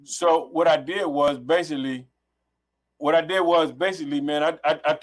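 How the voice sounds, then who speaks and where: Rambling man from Los Angeles, higher voice. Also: steady tone, moderate pace. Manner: rambling, with many restarts and profanity. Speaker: guest. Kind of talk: casual storytelling on a remote call. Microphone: headset.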